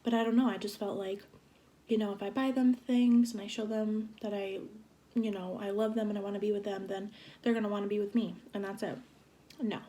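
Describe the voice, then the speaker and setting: A young woman in her twenties telling a storytime vlog in an animated, exasperated way. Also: medium pitch, brisk. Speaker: vlogger. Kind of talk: storytime vlog while eating.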